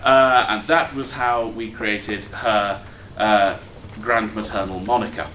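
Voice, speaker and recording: An improv comedy performer on a live stage rambles through a self-deprecating comic story, full of ums. His voice is on the low side, steady, slow, and pushed and bright. The room is echoey, with background noise.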